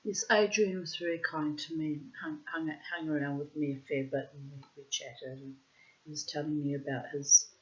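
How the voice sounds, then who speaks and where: A woman's voice: sits low, steady tone, normal speed. Chatty middle-aged woman, lo-fi. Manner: chatty and rambling, with frequent asides. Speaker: storyteller. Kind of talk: casual anecdote telling. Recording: dull lo-fi recording.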